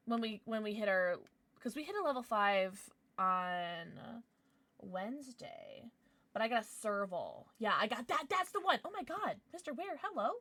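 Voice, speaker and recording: A bubbly woman streamer chatting casually with her viewers, her voice bright and fairly high. Her pitch jumps all over the place, and the sound is dry and close to the mic. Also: dry recording. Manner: bubbly, greets chat by name and blows kisses. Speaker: livestream host. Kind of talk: casual livestream chat.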